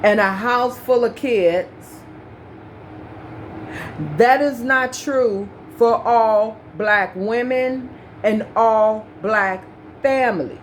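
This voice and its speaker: A woman's voice: fairly high pitch, very slow, slight background noise. A woman giving an emphatic opinion rant to the camera, full of repeated points and rhetorical questions. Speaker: commentary vlogger.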